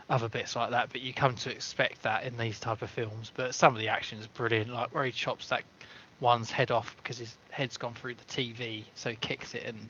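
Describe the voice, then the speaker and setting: A man's voice: medium pitch, sharp tone, slight background noise. A man co-hosting a casual film review podcast, agreeable and easygoing, with some swearing. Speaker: podcast co-host. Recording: dull lo-fi podcast audio.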